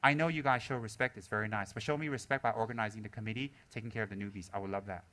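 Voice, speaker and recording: A man's voice: fairly low pitch, racing. A male Buddhist lama giving a humorous dharma talk to his students. He talks animatedly, laughing and mimicking people as he goes. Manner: animated, acts out students' voices with gasps and laughter.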